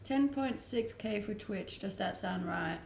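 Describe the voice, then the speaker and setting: Danish-accented young woman, gravelly, echoey. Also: medium pitch, unhurried. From Denmark. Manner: relaxed, laughs often, answers chat questions. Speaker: livestreamer. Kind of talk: casual chat reading viewer messages. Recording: echoey room with faint ambient noise.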